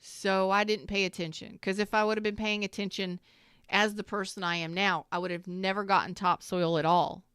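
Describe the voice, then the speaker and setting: Candid, swearing woman with a crisp voice. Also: mid-range voice, little pitch movement, moderate pace, fairly bright tone, no room sound, clean studio sound. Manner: candid, swears freely, rambling asides. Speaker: tarot reader. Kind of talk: casual storytelling to viewers.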